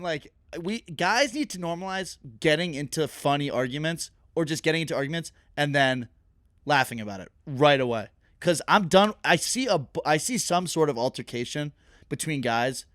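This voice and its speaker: A young man co-hosting a podcast, telling stories in animated casual chat and laughing often. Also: on the high side, no echo, clean studio sound. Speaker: podcast co-host.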